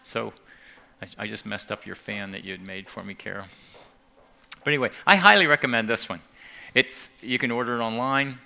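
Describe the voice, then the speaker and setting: A man's voice: medium pitch, brisk, vocal fry, long pauses, sharp tone. A man giving an earnest talk to a church audience, often restarting and repeating words. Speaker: seminar speaker.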